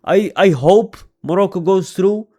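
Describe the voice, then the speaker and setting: A young man hosts a casual football predictions vlog in an animated way, his voice a touch higher than most men's. He keeps addressing his viewers directly and swings between loud bursts and quieter asides. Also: measured pace. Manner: animated, swings loud and soft, repeats ladies and gentlemen. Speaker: football vlogger.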